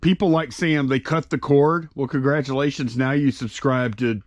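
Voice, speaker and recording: A man talks in a loose, rambling way, often stopping himself mid-thought and starting over. His voice sits at an ordinary middle pitch and is recorded close and dry, with no room sound. It is the easygoing chat of a co-host packing orders. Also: fairly even intonation, moderate pace, no echo. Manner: rambling, self-interrupting, folksy. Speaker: co-host of a reselling channel.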